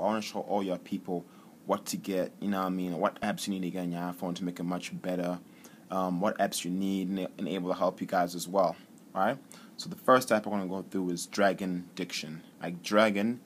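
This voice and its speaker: Low-voiced guy showing off his phone apps, laid back and rambly, bit of hiss behind. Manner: relaxed, chatty, repeats himself. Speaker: app reviewer. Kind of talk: casual tech vlog demo.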